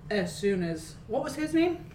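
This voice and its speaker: A woman's voice: mid-range voice, very animated, measured pace, distant mic, background noise. A woman co-hosting a casual movie podcast, chatty and self-mocking, swearing freely. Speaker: podcast co-host. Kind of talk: casual movie review chat. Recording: echoey room, voice set back from the mic.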